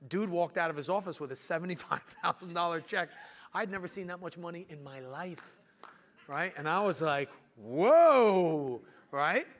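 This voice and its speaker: A man telling a business story in an animated way, acting out what people said to him. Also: fairly high pitch, fairly quick. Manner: animated, acts out quotes. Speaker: business owner and speaker.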